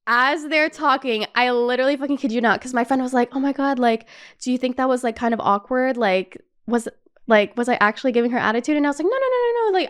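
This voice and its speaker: A young woman with a high, smooth voice tells a travel story in a casual, animated way. She swears freely and fills her talk with "like" as she hosts her own chat show. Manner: animated, swears a lot, says "like" constantly. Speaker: podcast host.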